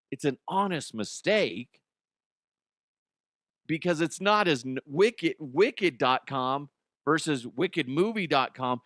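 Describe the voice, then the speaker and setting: Man, comedy news host, lively pitch, rambling, swearing, dry close sound. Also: no room sound. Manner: rambling, swears, laughs at own jokes.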